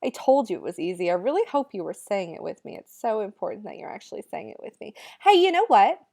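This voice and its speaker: A woman's voice: mid-range voice, sing-song, fast talker, vocal fry, a little mellow. A woman music teacher giving a remote lesson to children, chatty, upbeat and encouraging.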